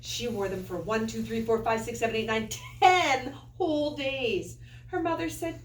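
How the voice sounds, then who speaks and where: A woman teacher reading a picture book aloud to children, an animated storyteller with playful asides. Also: fairly high pitch, moderate pace. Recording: echoey room, far from mic.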